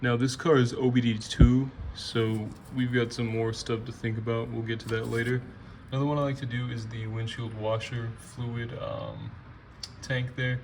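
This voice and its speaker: A man with a mid-range voice speaks at normal speed, explaining step by step the repairs he's doing on his car in a garage. He's a car restoration hobbyist vlogger with a relaxed, chatty manner, and background noise can be heard.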